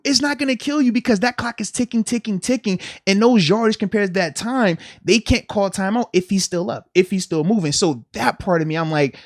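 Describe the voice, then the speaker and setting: A man in his thirties, a podcast host, talking sports in an animated casual way and breaking into loud imitations. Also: high-pitched, fairly quick, no room sound, studio quality.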